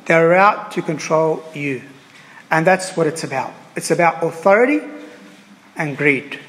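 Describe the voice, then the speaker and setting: A man with a high voice preaches to his congregation, earnest and halting, often repeating himself and pausing on fillers. His words ring out with a long reverb in a church. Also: fairly bright tone. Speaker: priest. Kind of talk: sermon.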